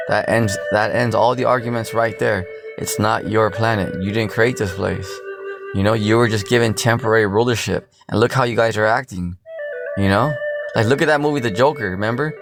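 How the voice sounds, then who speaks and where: A man's voice: fairly low pitch, steady tone, normal speed. A man giving an informal scripture commentary, rambling and blunt, full of "you know" fillers and slang. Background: music playing underneath.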